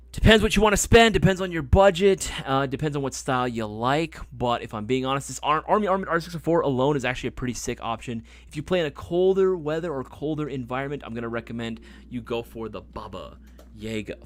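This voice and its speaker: A man hosting a casual livestream, chatty and hyped, reading viewer comments aloud and swearing casually. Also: mid-range voice. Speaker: livestream host.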